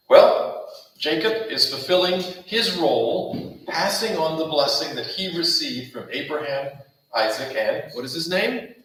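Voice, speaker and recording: Emphatic preacher in an echoey hall. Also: male voice, a little high, animated, a little slow, fairly bright tone. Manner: emphatic, rhetorical questions, repeats points. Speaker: pastor. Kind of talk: Bible study sermon. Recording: roomy echo, mic far off, faint noise.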